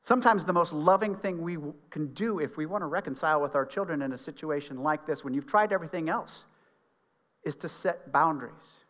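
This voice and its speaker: A middle-aged pastor preaching to his congregation in a conversational, earnest way. His voice sits a little high for a man, and a long hall reverb trails every phrase. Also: brisk, a bit bright. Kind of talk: sermon. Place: church sanctuary.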